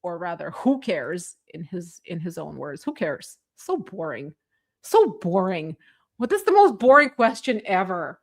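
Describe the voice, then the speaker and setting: A woman's voice: on the high side, very animated, measured pace. A woman hosting a casual political livestream, reading viewer comments and chatting with a sarcastic edge, laughing often. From Canada. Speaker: livestream host reading chat.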